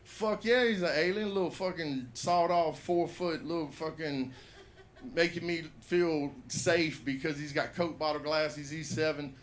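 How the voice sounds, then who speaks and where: A man's voice: fairly high pitch, steady tone, a little slow, a little hiss or hum. Rambling profane man on stage. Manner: rambling, profane storytelling with laughs. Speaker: stand-up comedian. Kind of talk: open mic stand-up set. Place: comedy bar stage.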